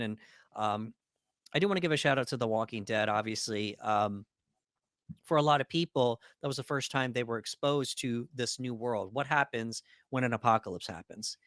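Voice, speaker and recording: A man's voice: medium pitch, normal speed, a bit bright, no echo, clean studio sound. Rambling man chatting about a film. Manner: rambling, many fillers and restarts. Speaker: podcast co-host. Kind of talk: casual film discussion.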